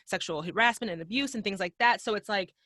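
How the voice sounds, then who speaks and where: Chatty woman podcast host, bright sharp voice, super dry close mic, rambles w lots of likes. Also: mid-range voice, fast, dry recording. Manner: rambling, slangy, lots of fillers. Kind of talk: casual podcast chat.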